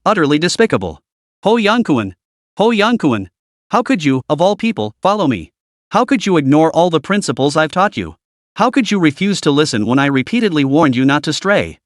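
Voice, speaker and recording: A man's voice: a little high, no room sound, clean studio sound. A man voicing a stern old male official who scolds and lectures his disgraced aide. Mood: furious. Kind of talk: audiobook character voice.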